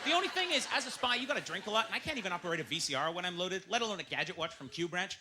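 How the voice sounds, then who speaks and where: A man doing a stand-up comedy set on a club stage, animated and jumping into shouted character voices. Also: high voice, very fast, a little hiss or hum. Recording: loud audience laughter behind.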